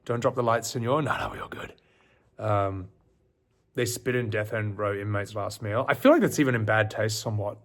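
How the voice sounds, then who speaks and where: A man reading horror stories on a live stream at night, theatrical and dropping into low whispers, chatting with viewers between passages. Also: moderate pace. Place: outdoors on a porch at night.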